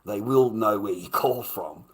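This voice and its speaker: A man's voice: lowish voice, unhurried. Blunt, profane Australian man. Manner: blunt, profane, repeats himself. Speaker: livestreamer. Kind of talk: casual live stream rant.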